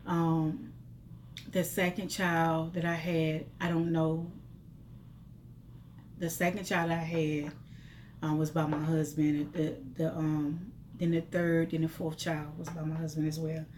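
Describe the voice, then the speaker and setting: Middle-aged woman, lower voice, heartfelt storytime vlogger, faint hiss behind. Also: level tone, slow pace, darkish tone. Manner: testifying, repetitive, speaks directly to viewers. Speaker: vlogger telling her life story. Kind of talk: emotional storytime vlog.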